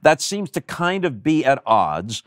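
A man's voice: on the high side, very animated, unhurried, fairly bright tone, smooth, dry recording, clean studio sound. An older man, a guest sportscaster, telling a story in a casual chat, articulate and careful with his disclaimers.

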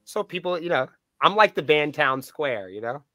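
Man in his own voice, a raised-pitch, bright storyteller with a foul mouth, recorded close and dry; acts out every exchange. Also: moderate pace, no room sound. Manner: profane, animated storyteller acting out dialogue. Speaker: band's point of contact. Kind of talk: casual anecdote-telling in a podcast interview.

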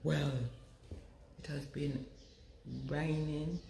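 A woman's voice: sits low, level tone, very slow, gravelly, dark tone, echoey room, slight background noise. A young woman chatting casually and jokingly while vlogging her errands from the car and shops. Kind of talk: casual vlog chat. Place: car and shops during rainy season.

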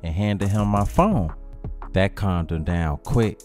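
A man's voice: sits low, lively intonation, slow, darkish tone, faint music behind. A man telling a comic story in a brash, slangy style, trading insults. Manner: brash slangy trash-talk. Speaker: comedy storyteller.

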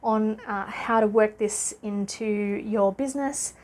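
Medium-pitched, unhurried and darkish in tone, an Australian woman with a matching accent records a casual talking-head vlog as a business coach. She stays upbeat and chatty, laughing a lot and filling gaps with "uh."

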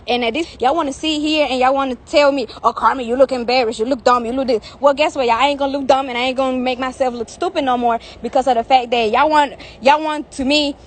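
A high-voiced young woman vents on a phone live stream from outside. Her talk is heated, profane and repetitive, and she hammers the same points again and again. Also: a little hiss or hum. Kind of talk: angry live-stream rant. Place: outdoors in the heat.

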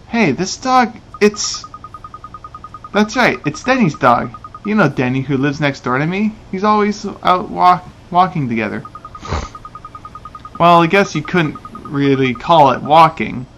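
A man voicing a shy, gentle young village girl while reading game dialogue aloud, in a soft, hesitant way. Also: fairly high pitch, expressive, a little slow, slight background noise.

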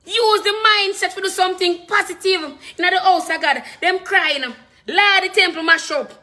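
A woman preacher with a Jamaican accent delivers a sermon with fervent, emphatic force. Her voice sits high and rings bright and forceful. She drives her points home through repetition and drifts freely between patois and standard English. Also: normal speed. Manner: impassioned, emphatic preaching with repeated phrases.

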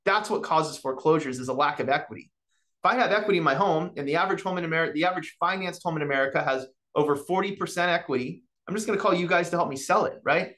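A man giving an animated mortgage market presentation to real estate agents, often tagging his points with "right?" and acting out client conversations. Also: on the high side, quick pace. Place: office meeting or online session with chat.

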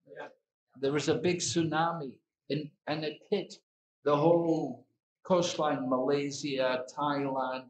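A man giving an evening sermon as a swami, speaking slowly and deliberately with repetitions and asides. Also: a little high, slight background noise. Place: hall at an evening gathering. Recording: echoey hall.

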